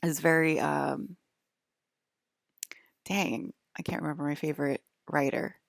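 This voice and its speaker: A woman's voice: low voice, steady tone, a little slow, creaky, dry recording, clean studio sound. A woman vlogger talking in a casual, rambling monologue, hesitant and full of fillers.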